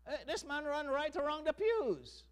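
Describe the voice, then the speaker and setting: A man preaching a sermon as pastor, animated and emphatic, rising to loud calls and dropping to hushed lines. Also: very high voice, moderate pace.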